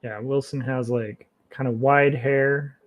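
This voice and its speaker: A man streaming while he draws comics, chatting casually and thinking aloud in a relaxed, self-mocking way. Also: medium pitch, takes it slowly. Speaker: comic artist streaming his work. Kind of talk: casual livestream commentary while drawing.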